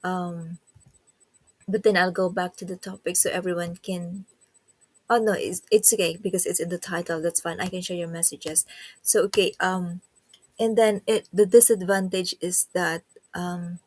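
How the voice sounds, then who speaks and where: A woman's voice: fairly low pitch, steady tone, moderate pace. A woman with a Filipino accent hosting a casual livestream, chatting and reading viewer comments aloud. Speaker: livestream host.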